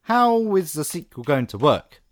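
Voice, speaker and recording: A man's voice: a little high, very animated, unhurried. A man co-hosting a casual film review podcast, dry and joking. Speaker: podcast co-host.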